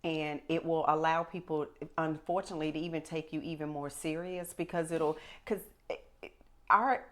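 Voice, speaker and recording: Low-pitched woman host, middle-aged, lively emphatic teller. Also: normal speed. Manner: animated storytelling, emphatic. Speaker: podcast host. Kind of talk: casual chat.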